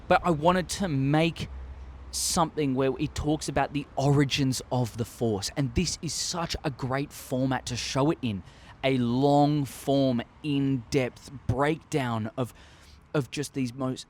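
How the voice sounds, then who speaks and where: An Australian man hosting a casual opinion vlog, rambling and excitable, with heavy swearing, talking into a desk microphone. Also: mid-range voice. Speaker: show host.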